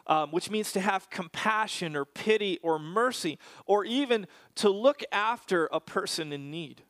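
A man's voice: high-pitched, a little slow, fairly bright tone, no room sound. A man preaching a sermon, telling a personal story and then explaining a Bible passage in a storytelling manner with frequent fillers and restarts.

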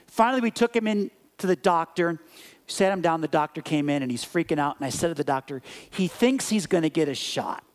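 A male pastor delivering a sermon with a voice set higher than most men's. He preaches in an animated way, playing out bits of dialogue. He sinks into quiet, gentle passages for reflection. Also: fairly quick. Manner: animated, acts out scenes and dialogue; drops to soft quiet reflection.

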